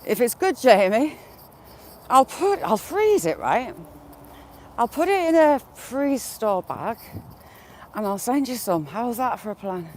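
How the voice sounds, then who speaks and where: A woman's voice: fairly high pitch, very animated, measured pace, pauses often, a little hiss or hum. A woman live-streaming outdoors on a phone, chatting casually with viewers by name and cooing at animals as she walks. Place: outdoors in fields and hedgerows. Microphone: phone on a gimbal with headphone wire.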